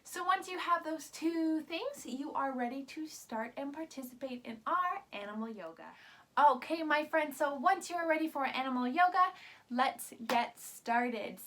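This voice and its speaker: A young woman teaching yoga to small children, her voice high-pitched and her pace slow and drawn out. She sounds upbeat and sing-song as she coaxes the kids through each pose. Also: pushed and bright.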